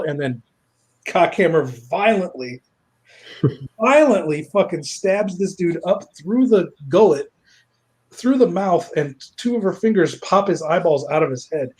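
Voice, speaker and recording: Raspy guy recapping a story, lots of ums and swearing, kinda high voice. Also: lively intonation, a little slow, a little mellow. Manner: rambling, profane, lots of fillers. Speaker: reviewer. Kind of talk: casual spoken retelling.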